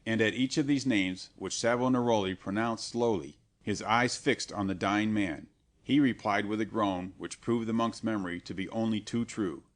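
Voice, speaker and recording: Low-voiced male audiobook narrator. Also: normal speed. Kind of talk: scripted narration.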